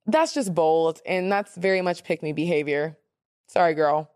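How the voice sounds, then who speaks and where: A woman's voice: on the low side, moderate pace, dry recording. Sassy woman host with a dry sound. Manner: animated, sassy, acts out quoted voices. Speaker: podcast host answering listener questions. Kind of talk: casual advice chat.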